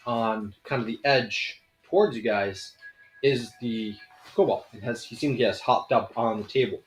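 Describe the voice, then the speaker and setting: A man's voice: mid-range voice, moderate pace, echoey room, faint music behind. A man running a tabletop game as game master, describing scenes in a loose, rambling way full of fillers.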